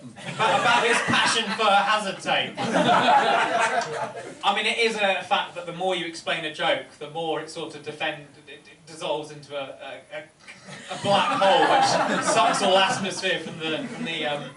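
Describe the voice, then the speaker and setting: A man's voice: on the high side, fairly even intonation, a little slow. A man doing a wry, rambling stand-up set in a comedy venue. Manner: wry, rambling, self-interrupting. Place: comedy venue, live audience. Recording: roomy, distant, noisy live room.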